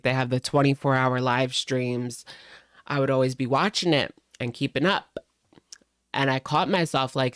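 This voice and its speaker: A woman's voice: deep voice, no echo, studio quality. A young woman hosting a live stream, chatting casually in a rambling way and greeting viewers by name.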